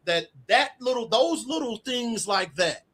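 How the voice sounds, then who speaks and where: A man's voice: extremely high pitch, unhurried, breathy edge. A middle-aged man, an author being interviewed, telling stories in a casual way and acting out the dialogue. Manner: animated storyteller acting out quoted dialogue. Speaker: author guest.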